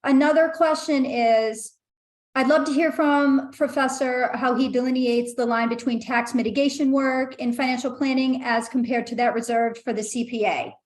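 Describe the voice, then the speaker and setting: A woman's voice: high voice, fairly even intonation, normal speed, echoey room. A woman hosting an online meetup over a video call, chatty and reading out comments from the chat. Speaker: meetup host.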